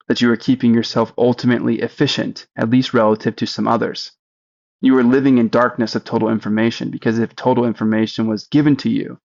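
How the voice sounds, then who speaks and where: A man leading a guided spiritual practice, speaking slowly and deliberately and asking listeners to repeat phrases after him. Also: medium pitch, creaky, darkish tone, muffled recording. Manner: slow, deliberate, leads repetitions. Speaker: spiritual teacher. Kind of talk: guided meditation teaching.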